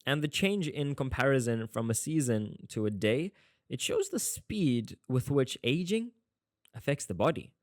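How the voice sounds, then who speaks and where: A man's voice: mid-range voice, very animated, unhurried, dry recording, clean studio sound. Chatty man tutoring. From South Africa. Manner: chatty, jokey, prone to tangents. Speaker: online tutor. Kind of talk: casual exam-prep lesson.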